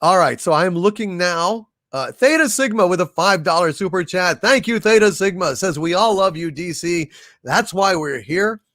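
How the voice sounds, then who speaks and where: A man hosting a livestream, slowly reading out viewers' messages and thanking them, with many fillers and restarts. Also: sits high, animated, bright, forceful tone, no echo, clean studio sound. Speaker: livestream host reading super chats. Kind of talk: casual livestream chat.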